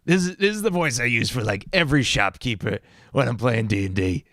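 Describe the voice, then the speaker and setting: A man putting on a throaty voice for a gruff male fantasy shopkeeper, pushed to the back of his throat. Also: medium pitch, lively intonation, brisk, a bit bright, no room sound, studio quality.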